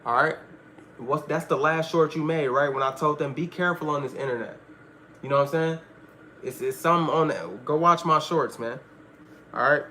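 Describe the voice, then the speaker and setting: A man teaches a Bible study in a preaching style, emphatic and full of street slang, repeating "all right" and often asking listeners if they follow. His voice is a little high, pushed and bright at a moderate pace, with a little hiss or hum in the recording.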